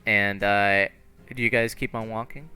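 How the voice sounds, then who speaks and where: A laid-back man running a tabletop game, rambling through the scene as he describes it. His voice is bright and crisp, with faint music behind him. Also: fairly low pitch, fairly even intonation, unhurried. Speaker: game master.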